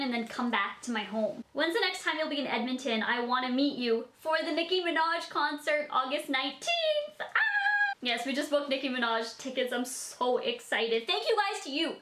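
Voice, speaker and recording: This casual Q&A vlog features a Canadian woman in her twenties with a high, fairly bright voice, speaking at a moderate pace. She giggles and uses plenty of fillers while answering viewers, and the room sounds echoey.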